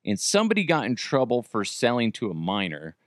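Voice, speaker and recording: A man's voice: mid-range voice, huge pitch swings, fairly quick, no room sound, studio quality. A middle-aged man hosting a podcast, telling comedic stories casually, swearing and acting out quotes in raised voices. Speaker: podcast host.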